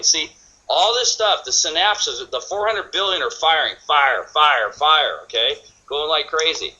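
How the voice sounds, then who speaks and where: A man leads a sales training session in an energetic, forceful voice that sits a bit high. He keeps acting out what customers think, quote by quote. The recording is dull and lo-fi. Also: a little slow.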